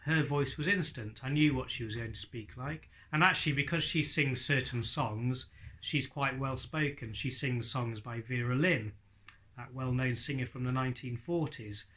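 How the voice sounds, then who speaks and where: A man's voice: mid-range voice, moderate pace, a bit bright. A man teaching ventriloquism in a chatty, light-hearted way. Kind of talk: instructional talk to camera.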